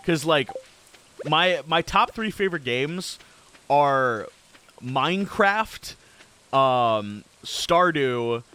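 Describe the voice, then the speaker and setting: Young male gaming creator, bright and easygoing, chats loosely over gameplay with lots of restarts. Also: medium pitch, a little hiss or hum. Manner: rambling, many fillers and restarts; easygoing, chatty. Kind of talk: casual commentary while playing a game.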